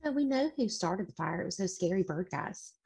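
A woman's voice: on the low side, lively intonation, brisk, creaky, crowd noise. A woman player role-playing her character in a sassy, drawling, confrontational way.

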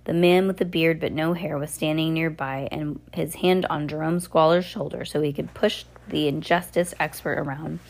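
A woman reads a novel aloud at home pace, stumbling over words and going back to fix them. Her voice sits a little low for a woman. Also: steady tone, moderate pace, hardly any pauses. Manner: unpolished, frequent restarts and self-corrections. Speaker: reader.

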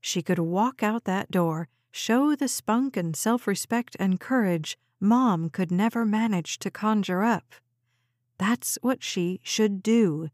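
A woman narrating an audiobook in a measured, even storytelling voice. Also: medium pitch, no echo, studio quality. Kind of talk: scripted narration.

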